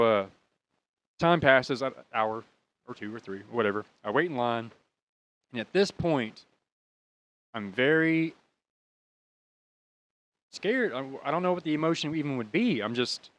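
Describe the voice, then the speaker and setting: A man's voice: mid-range voice, expressive, a little slow, pauses often, fairly bright tone. A young American man tells a personal story in an easy, rambling way. His speech is casual and full of swearing, with emotion running through it. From United States. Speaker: podcast host.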